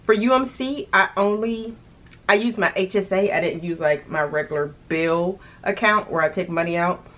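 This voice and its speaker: Speaking at a moderate pace in a fairly low, slightly bright voice, this woman vlogs casually about paying down her debt. She's a budgeting vlogger musing aloud to camera, starting over at times, laughing softly, and hiccuping a bit.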